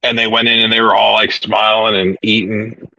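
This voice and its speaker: A man's voice: fairly low pitch, level tone, normal speed, vocal fry, bright, forceful tone, dry recording. A man hosting a casual wrestling talk podcast, rambling and retelling events with restarts. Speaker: podcast host. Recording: dull lo-fi recording, dry.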